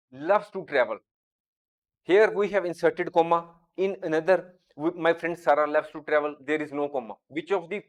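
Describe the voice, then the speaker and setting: A male teacher giving a grammar lesson, reading example sentences slowly and explaining each point deliberately. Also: fairly high pitch.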